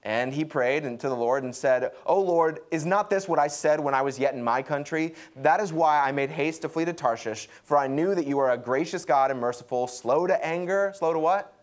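Lively man preaching a sermon. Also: a little fast, few pauses. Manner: lively, acts out quotes with pitch jumps. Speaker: pastor.

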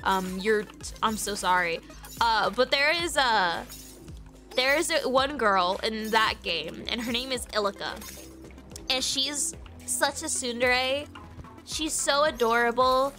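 A woman streaming a video game, chatting casually, excitable and giggly with rambling fillers. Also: fairly high pitch, takes it slowly, soft background music. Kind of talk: casual gaming livestream chat.

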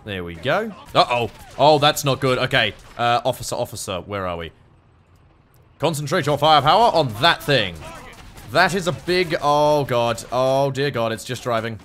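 An excitable young Australian man talks through his war game as a let's-play host. His pitch swoops up and down, and he swears and yelps whenever the action turns. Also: normal speed, a little hiss or hum. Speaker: gaming YouTuber.

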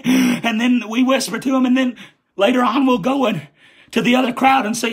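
A man preaching a Pentecostal holiness sermon. His delivery is fervent and repetitive, building up into shouting. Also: very high voice, fairly even intonation, normal speed, slightly rough.

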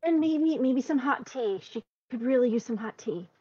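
A woman's voice: high voice, lively intonation, normal speed, mellow, slightly rough, dry recording, muffled recording. A woman playing a tabletop role-playing game, chatting casually and describing what her character does. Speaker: player.

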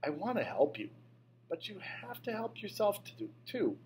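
Storybook schoolteacher, female, calm and careful, soft-spoken; a male narrator puts her on. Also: high-pitched, moderate pace, a little hiss or hum, pitched above the performer's own voice, low-quality recording.

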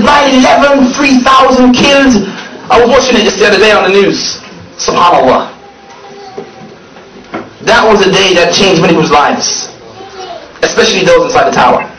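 A man giving a fiery public speech to an audience, mocking and often laughing as he talks, with drawn-out stressed words. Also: sits high. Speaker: speaker addressing an audience. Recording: echoey, distant, noisy room recording.

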